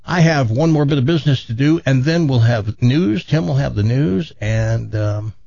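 A man hosting a radio talk show, telling a long joke in a casual, animated way, his jaw sore after dental work. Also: medium pitch, normal speed, creaky, no room sound, highs cut off. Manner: animated joke-telling, laughs at own story.

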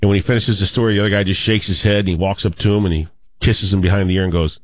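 A man hosting a radio show, telling long jokes in a rambling, animated way in casual banter, on a dull lo-fi recording. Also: sits low, racing, very noisy. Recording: dull lo-fi radio studio sound.

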